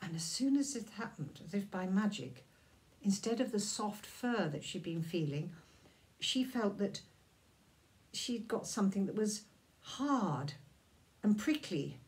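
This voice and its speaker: A woman reading a children's story aloud, in a gentle, drawn-out and expressive manner. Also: medium pitch.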